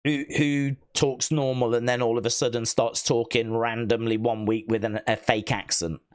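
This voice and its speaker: A man with a smooth, mid-range voice and little pitch movement speaks at a normal pace while hosting a live wrestling watch-along. His casual commentary is rambling and hesitant as he responds to questions from chat.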